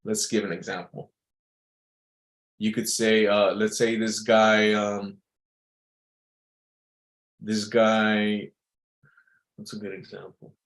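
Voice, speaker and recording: A man's voice: lowish voice, little pitch movement, takes it slowly, pauses often. A man talking in a casual, rambling monologue as an entertainer, full of fillers and restarts.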